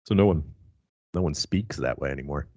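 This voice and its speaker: A man with a bass voice hosts a casual wrestling podcast, telling stories at a fairly quick clip with lots of swearing and laughter. His tone is darkish and the recording has no room sound, with the highs cut off.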